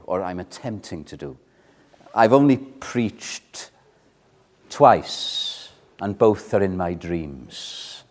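Earnest preacher with a lively voice. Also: male voice, fairly low pitch. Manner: earnest, asks the congregation rhetorical questions. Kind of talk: sermon. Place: church.

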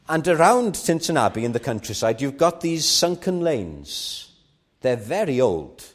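A man's voice: medium pitch, darkish tone. A man preaching a sermon at an evening church meeting, earnest and rising to fervent emphasis.

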